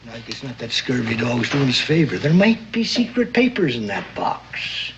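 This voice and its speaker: An actor playing a crafty, jovial older sea captain who talks like a salty sailor. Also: male voice, medium pitch, fairly even intonation, a little fast, creaky, fairly bright tone, dull audio, slight background noise. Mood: conspiratorial. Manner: salty sailor talk, boisterous and cajoling.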